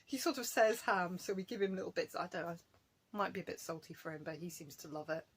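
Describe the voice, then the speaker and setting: A woman's voice: fairly low pitch, fast talker, a little hiss or hum. A woman chatting casually to camera in a home craft vlog, rambling from topic to topic and laughing often. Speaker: craft vlogger.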